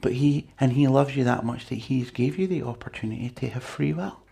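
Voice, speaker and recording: Guy preaching, gravelly husky voice, chatty asides to the crowd. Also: medium pitch, a little fast, mellow. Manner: conversational, chatty with asides to the congregation. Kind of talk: sermon.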